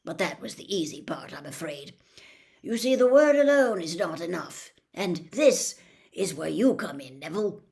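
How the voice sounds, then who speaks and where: Gentle patient teacher guy read by a woman, slight gravel, kind and even. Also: lowish voice, moderate pace. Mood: patient, kindly. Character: kind calm male teacher, middle-aged.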